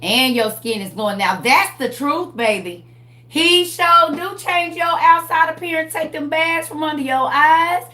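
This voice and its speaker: A woman in her forties preaching casually to her viewers about her faith, animated and laughing often, calling them y'all. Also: high voice, unhurried. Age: 40s. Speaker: vlogger sharing faith. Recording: roomy echo.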